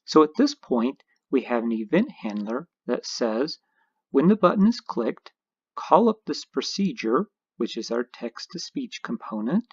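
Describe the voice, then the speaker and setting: Husky-voiced man explaining step by step. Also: mid-range voice, big pitch swings, unhurried, a little mellow, no echo, muffled recording. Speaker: instructor. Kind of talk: screencast tutorial narration.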